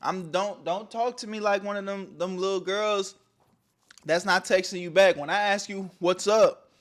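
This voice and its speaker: A young man chatting through a livestream, his voice sitting a little higher than most men's. He banters loosely with viewers, jumping from loud shout-outs to low muttered asides. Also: steady tone, normal speed. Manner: loose, joking banter with chat, swings between loud and mumbled. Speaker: streamer. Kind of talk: casual livestream chat.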